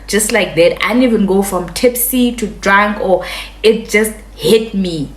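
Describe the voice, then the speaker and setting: A young woman telling a story to camera in a casual, animated way, cursing freely. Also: mid-range voice, unhurried. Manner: animated, chatty, swears freely, acts out quotes. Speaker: vlogger. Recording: echoey room.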